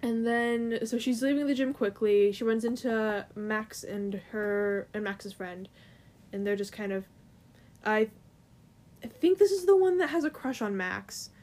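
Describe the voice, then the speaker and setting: A young woman talks through a comic's story in a relaxed, rambling way. Her voice sits a little high, and she leans on "like" and "um" as she goes. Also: a little slow. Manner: chatty, rambling, filler-heavy. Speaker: co-host. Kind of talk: casual chat retelling a comic's plot.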